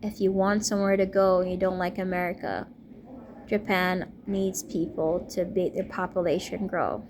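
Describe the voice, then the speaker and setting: This young adult woman, a vlogger addressing the camera, rambles earnestly through a personal testimony that becomes a religious appeal. Her voice is lowish and darkish in tone, moving at a moderate pace over a faint background hiss.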